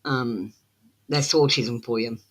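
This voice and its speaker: A woman hosting a live-stream tarot reading, talking in a flat, matter-of-fact tone and bluntly scolding viewers who ignore her instructions. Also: rumbling low, takes it slowly.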